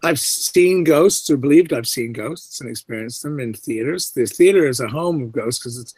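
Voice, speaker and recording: A man's voice: medium pitch, moderate pace, slightly rough, no echo. A middle-aged man, a guest actor, telling anecdotes in an interview and acting out the voices he quotes. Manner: animated storyteller who acts out quoted voices.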